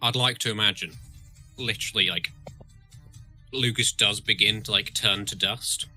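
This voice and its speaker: A man's voice: lowish voice, moderate pace, bright, forceful tone, soft background music. A man playing a tabletop game, talking casually and rambling with lots of fillers. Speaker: player.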